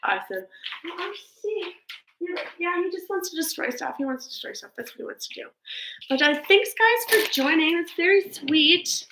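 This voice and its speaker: Her voice is very high and swings widely in pitch at a normal speed while she livestreams casually with her parrot. Laughing a lot, she coos baby talk to the bird and thanks viewers as she reads their comments aloud. Background noise fills an echoey room.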